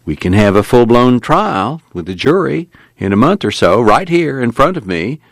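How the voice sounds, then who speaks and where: A man reading the part of a blunt, impatient trial judge who speaks sternly and forcefully. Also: medium pitch, very animated, normal speed, dry recording, clean studio sound, pitched above the performer's own voice. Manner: stern and forceful, pressing hard.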